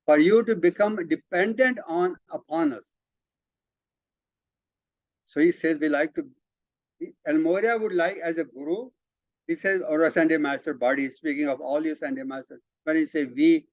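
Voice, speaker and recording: A man leading a spiritual study session, explaining emphatically with repeated words and halting restarts. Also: a little high, darkish tone, no room sound. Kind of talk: explanatory talk, reading out and commenting. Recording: dull lo-fi, dry sound.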